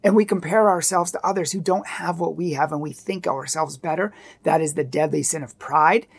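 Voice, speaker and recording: A woman's voice: sits low, normal speed, vocal fry, husky. A woman giving an earnest, emphatic Catholic teaching talk, acting out the attitudes she describes. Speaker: Catholic speaker.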